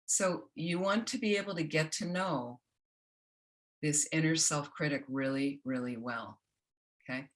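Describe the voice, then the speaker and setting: A woman teaching a self-compassion workshop, gentle and instructional, often checking in with the group. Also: low-pitched, a little slow. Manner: gentle, keeps checking in with "okay?".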